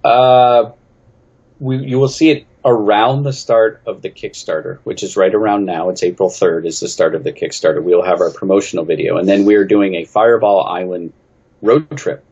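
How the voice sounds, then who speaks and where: A man's voice: lowish voice, moderate pace, a little mellow, slightly rough, dull audio. A man from New England, a game designer, answering interview questions in a chatty, snarky, self-deprecating way.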